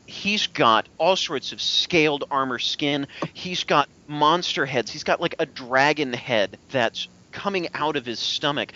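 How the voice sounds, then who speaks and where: Lively, bright-voiced man running the game. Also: medium pitch. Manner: descriptive, halting with fillers, puts on brief voices for townsfolk. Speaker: game master. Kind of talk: narrating a tabletop game. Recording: dull lo-fi podcast audio.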